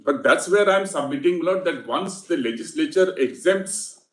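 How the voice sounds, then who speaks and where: Deferential advocate in a roomy courtroom. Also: male voice, fairly high pitch, animated, moderate pace. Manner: formal, deferential, repeats "my lord" often. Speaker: senior advocate. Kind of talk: courtroom argument. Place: large courtroom.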